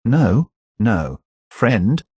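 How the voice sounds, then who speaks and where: A grave doctor lays out his case in firm, measured words, as a male narrator voices him. The voice sits low and husky, steady and insistent. The sound is dry and close. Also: dry recording, full character voice. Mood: soothing.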